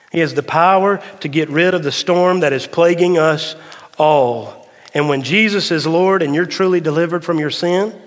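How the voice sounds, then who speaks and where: Pastor preaching in a reverberant church. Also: male voice, a little high. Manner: folksy, tells a dad joke. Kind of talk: sermon. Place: church sanctuary. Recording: long hall reverb of a church.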